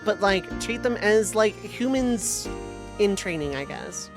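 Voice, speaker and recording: A woman's voice: mid-range voice, expressive, takes it slowly, music in the background. A young adult woman streamer chatting casually while playing a video game, rambling with lots of restarts. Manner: rambling, filler-heavy, with repeated restarts. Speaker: let's play streamer. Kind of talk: casual chat over gameplay.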